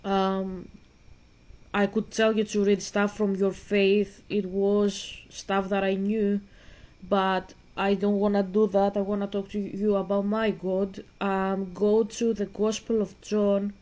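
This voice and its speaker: Woman streamer, earnest and preachy, mid-pitched, flat delivery. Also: slow, poor audio. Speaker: gaming streamer. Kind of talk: casual talk while playing a video game.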